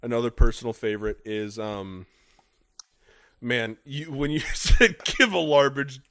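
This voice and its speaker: A man's voice: mid-range voice, a little slow, sharp tone, no echo, clean studio sound. A man co-hosting a casual podcast, retelling favorite jokes with enthusiasm, lots of ums and dudes. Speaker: podcast co-host. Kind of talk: casual chat.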